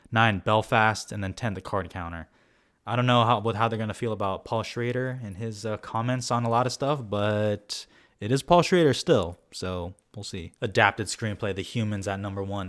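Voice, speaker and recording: Casual young man with a lowish voice. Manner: casual, animated, swears, self-mocking asides. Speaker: film vlogger. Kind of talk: casual Oscar predictions rundown.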